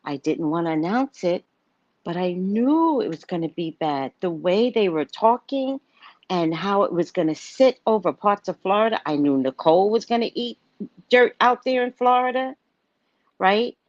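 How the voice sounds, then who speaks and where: A woman's voice: mid-range voice, expressive, moderate pace, no room sound, dull audio. A woman hosting a psychic livestream in a casual monologue, blunt and given to cursing. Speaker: psychic host of a live show.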